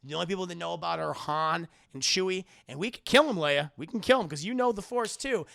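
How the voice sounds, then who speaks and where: A man voicing a young male hero who delivers huge news in a low, casual, offhand way. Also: fast, vocal fry, fairly bright tone. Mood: matter-of-fact. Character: earnest young male hero, matter-of-fact.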